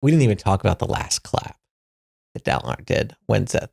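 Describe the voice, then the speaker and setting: A man's voice: on the low side, very animated, a little fast, creaky, darkish tone, breathy edge. A man co-hosting a casual book podcast, animatedly retelling scenes and acting out the characters' lines. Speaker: podcast co-host.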